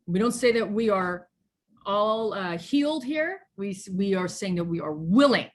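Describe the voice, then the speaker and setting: A woman's voice: mid-range voice, lively intonation, moderate pace. A woman pastor leading an online church service over a video call, speaking earnestly and giving thanks to supporters. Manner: earnest, preacherly, thanks people by name.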